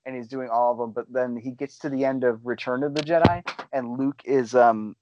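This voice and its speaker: A man's voice: medium pitch, moderate pace, dull audio, noisy background. A man chatting casually as a podcast co-host, telling stories with energy and acting out what people said. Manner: animated storyteller, acts out quotes. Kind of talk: casual chat.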